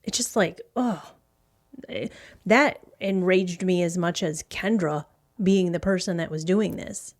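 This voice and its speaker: A woman's voice: lowish voice, measured pace. Brief: middle-aged woman host, casual true-crime storytelling, blunt and outspoken. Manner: blunt, indignant, swears freely. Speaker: podcast host.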